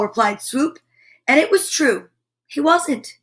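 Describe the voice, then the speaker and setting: Slow, expressive woman reading a storybook. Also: sits high. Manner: expressive, with exclaimed asides. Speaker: children's storyteller. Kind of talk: reading a picture book aloud.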